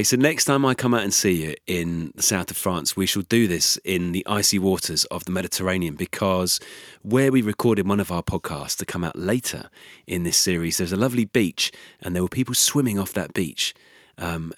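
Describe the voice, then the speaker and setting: A man's voice: sits low, expressive, brisk, no room sound, studio quality. A man hosting a podcast in casual chat, bantering with his co-host and reading out listener messages.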